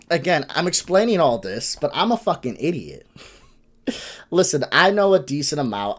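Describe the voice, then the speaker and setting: A man hosting a reaction video, ranting in a frustrated, profane, lecturing way. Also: mid-range voice. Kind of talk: ranting commentary.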